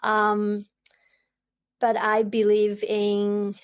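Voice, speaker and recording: A woman from China speaks English as a podcast guest. She talks slowly and thoughtfully, with a stutter and many pauses, and her voice is soft and earnest. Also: medium pitch, monotone, clear, resonant tone. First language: Chinese. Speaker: podcast guest, doctoral student. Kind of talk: reflective interview answers.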